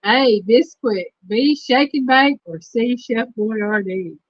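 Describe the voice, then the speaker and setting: A woman hosting a casual livestream chat, reading trivia questions slowly and repeating them. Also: fairly high pitch, dry recording. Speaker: host. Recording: dull lo-fi stream audio.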